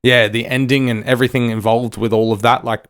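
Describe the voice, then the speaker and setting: A man with an Australian accent, co-hosting a podcast and chatting excitedly about a film, swearing and jumping in often. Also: medium pitch, a little fast, clean tone. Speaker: podcast co-host. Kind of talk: casual film review chat.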